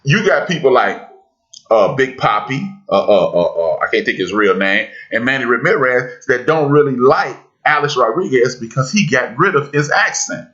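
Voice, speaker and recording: A man hosting a podcast discussion, talking in an emphatic, preacherly way that builds to loud peaks. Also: medium pitch, expressive, moderate pace, lo-fi sound. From United States. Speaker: podcast host.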